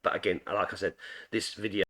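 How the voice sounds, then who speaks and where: A man's voice: sits low, fairly even intonation, a little fast, pushed and bright. A middle-aged man casually reviewing a football match as a fan, rambling with frequent restarts. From England. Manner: rambling, full of restarts and fillers.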